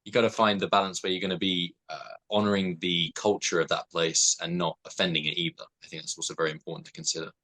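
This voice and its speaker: A man's voice: sits low, little pitch movement, fast talker, few pauses, pushed and bright, rough recording. A young British man, an actor, chatting casually and thoughtfully as a podcast guest. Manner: laughs often, thoughtful and self-deprecating.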